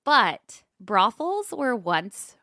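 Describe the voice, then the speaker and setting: A woman's voice: on the high side, big pitch swings, very slow, bright, forceful tone, no echo, clean studio sound. A woman co-hosting a casual comedy podcast, telling a history story in a bubbly way and laughing often. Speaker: podcast co-host.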